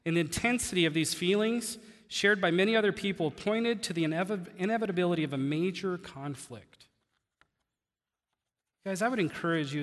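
A pastor preaching a sermon in a conversational, animated way, laughing now and then as he teaches. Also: on the high side, in a large hall.

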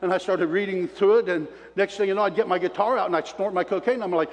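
A man preaching his testimony as an animated storyteller, folksy and plain-spoken, calling out to the congregation. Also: high voice, quick pace, few pauses. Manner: animated storyteller with preacher call-outs to the crowd; folksy self-described redneck talk. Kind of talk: sermon testimony. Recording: long reverb of a large hall.

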